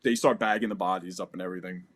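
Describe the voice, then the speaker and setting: A man's voice: low voice, fairly even intonation, very fast, fairly bright tone. An American man in his forties, a podcast guest telling a war story in a casual, profane and vivid way. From United States. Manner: profane, vivid, re-enacts dialogue.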